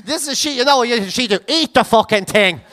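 A woman's voice: a little high, animated, a little fast, fairly bright tone, a little hiss or hum. An Irish woman co-hosting a podcast, telling a comic story full of swearing and laughing through her lines. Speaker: podcast co-host.

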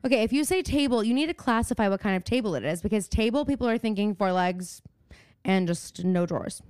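A woman's voice: mid-range voice, animated, fast talker, a little mellow, smooth, no echo, clean studio sound. A young adult woman co-hosting a podcast in casual chat, playful and teasing, cursing freely. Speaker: podcast co-host.

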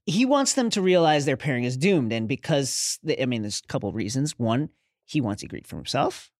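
Lively-pitched man recapping scenes. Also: fairly quick, no room sound, studio quality. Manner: laughs often, retells scenes by reading the lines aloud. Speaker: podcast co-host. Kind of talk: casual recap chat.

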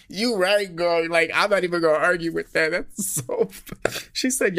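With a high-pitched voice, a young American man hosting a podcast runs through his trip in a casual monologue. He's animated and sassy, swears frequently, and gushes with drawn-out words.

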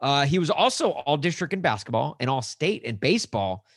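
A man's voice: sing-song, brisk, no echo, studio quality. Jokey rambling male podcast host. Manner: rambling and jokey, acts out mock dialogue in higher voices. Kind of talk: casual sports podcast banter.

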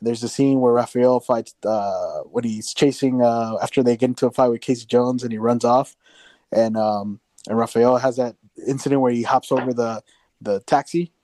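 A man's voice: medium pitch, steady tone, normal speed, dark tone, dry recording. A man chatting casually on a podcast, rambling with many restarts and swearing offhand. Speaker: podcast co-host.

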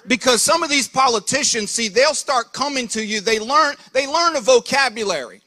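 A man's voice: very high-pitched, moderate pace, faint music behind. A man preaching a fiery live sermon to a church crowd, often calling out to them. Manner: fiery, animated, keeps calling "Hello?" to the crowd. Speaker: preacher and co-host. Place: church hall in Florida.

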